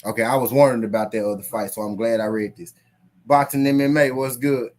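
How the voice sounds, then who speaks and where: Profane, animated man talking boxing. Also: medium pitch, fast talker. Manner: profane, animated, talks straight to viewers. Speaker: boxing channel host. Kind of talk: casual live commentary, reading an article aloud.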